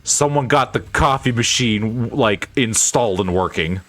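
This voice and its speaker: A man's voice: mid-range voice, expressive, measured pace, fairly bright tone. Giggly young man streaming a game. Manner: giggly and goofy, laughs a lot. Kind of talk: casual live-stream commentary over a game.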